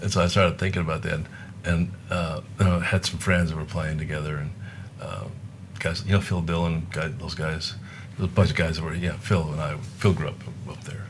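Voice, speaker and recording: A man's voice: very deep voice, fairly even intonation, brisk, background noise. An older man from Buffalo, a guest musician, telling rambling anecdotes in casual conversation and acting out the voices of the people he describes. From Buffalo, New York, USA. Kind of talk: casual storytelling.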